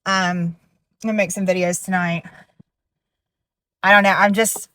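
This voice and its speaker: A woman's voice: lowish voice, fairly even intonation, moderate pace, sharp tone, no echo. A young woman, chatting casually with fillers and restarts in a true crime video update. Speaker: true crime content creator.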